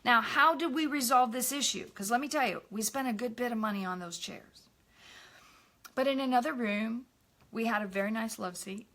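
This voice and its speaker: Bright-voiced woman hosting a candid live talk. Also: on the high side, moderate pace. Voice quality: bright, expressive voice. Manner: candid, confiding storytelling, greets viewers by name. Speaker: ministry host.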